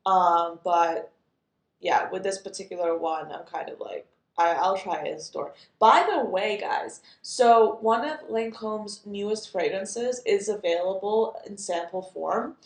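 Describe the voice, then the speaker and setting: A woman reviewing new perfume releases in a loose, chatty way, full of fillers and amused asides. Her voice has a gravelly, creaky edge at a mid pitch, and the room around her is echoey. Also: measured pace. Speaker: fragrance reviewer. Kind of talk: casual chat.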